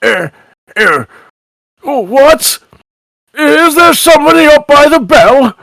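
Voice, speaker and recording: Man putting on a sleepy old priest voice, higher pitched, quavering, dry close sound. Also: big pitch swings, slow pace, gravelly, a bit bright, dry recording, heavily acted. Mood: groggy. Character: sleepy old male priest, fussy and suspicious.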